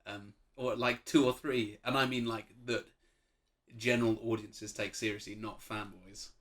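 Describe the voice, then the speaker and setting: A man's voice: on the low side, steady tone, normal speed, a bit bright. A man co-hosting a casual film review chat, thoughtful and wry, laughing at his own jokes.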